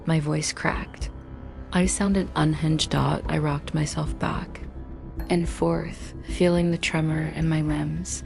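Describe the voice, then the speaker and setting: A woman's voice: sits low, level tone, slow, gravelly. A woman narrating a first-person story in tense, clipped short sentences. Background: music.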